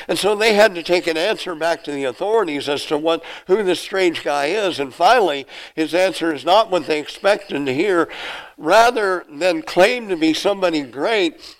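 Guy preaching a sermon, reading verses then explaining them, kinda high voice. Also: rough recording. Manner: reads scripture aloud and explains it verse by verse; acts out the questioners' lines in a raised voice. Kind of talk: expository sermon.

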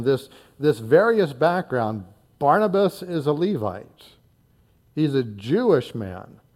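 A man's voice: on the high side, darkish tone. A man in his sixties from northern Indiana, preaching a sermon in an earnest, conversational way with frequent fillers and repeated words. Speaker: pastor.

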